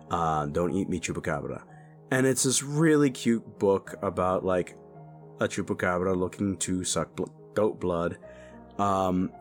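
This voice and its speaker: Candid, self-deprecating man chatting casually. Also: deep voice. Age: adult father. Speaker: content creator talking to his audience. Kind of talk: casual chat.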